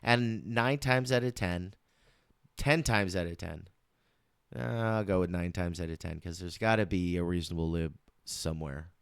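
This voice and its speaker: A man hosting a political commentary show talks slowly in a smooth, clear, fairly low voice. He rambles, restarts his phrases and repeats words for emphasis. The sound is dry and close. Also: no echo.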